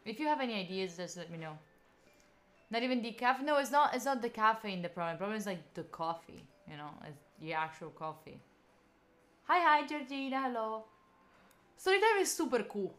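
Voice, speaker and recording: In a brisk, somewhat bright, sing-song voice on the higher side, a tired young Italian woman in her twenties chats with viewers during a study stream. The native Italian speaker, accented and yawning, reads and answers messages between tangents.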